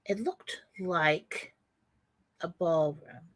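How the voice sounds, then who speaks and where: A woman's voice: fairly low pitch, extremely slow. A woman radio host telling a personal story in a casual way, with many fillers and frequent laughs.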